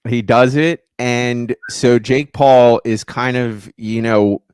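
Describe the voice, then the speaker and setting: A man co-hosting a podcast in casual chat, rambling with many halting restarts. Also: medium pitch, steady tone, darkish tone, clear, resonant tone, dry recording, clean studio sound. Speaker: podcast co-host.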